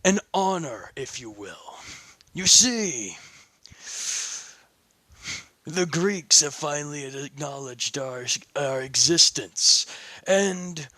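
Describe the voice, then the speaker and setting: A scheming warrior king, as a man reads him out, unhurried and sly. He dodges blame with a run of cheerful denials. The voice is bright and dry, with no room around it. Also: a little high, lively intonation, no room sound, full character voice. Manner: sly, brushing off accusations with playful denial. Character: bold scheming warrior king father, middle-aged man.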